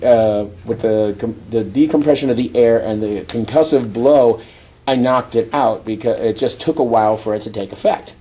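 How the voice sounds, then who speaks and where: A man with a mellow, warm voice hosts a podcast and rambles through a comic book recap. He talks loosely with fillers and restarts, chuckles often, and now and then jumps into short character voices. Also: mid-range voice, normal speed, slightly rough. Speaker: podcast host. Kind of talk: casual comic book review chat.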